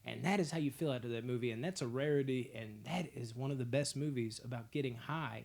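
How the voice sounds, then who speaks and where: A young man hosting a movie podcast, ranking films in a casual, profane, excitable way. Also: mid-range voice, quick pace, vocal fry, few pauses. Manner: profane, excitable storytelling with frequent laughs.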